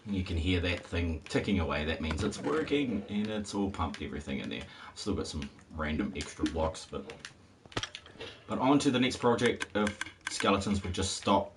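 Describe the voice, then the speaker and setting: Deep-voiced and very animated, a man keeps a moderate pace as he streams a game and chats in a wry, rambling way. The recording is from a distance, leaving his voice a bit off-mic with a faint hiss, typical of casual live-stream commentary.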